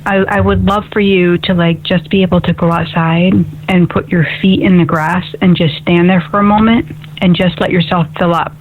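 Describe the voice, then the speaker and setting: Her voice is on the low side and steady, at a moderate pace, as she runs a call-in spiritual radio show as an intuitive medium. She keeps things upbeat and chatty, often tossing in "right?", over tinny, phone-like sound.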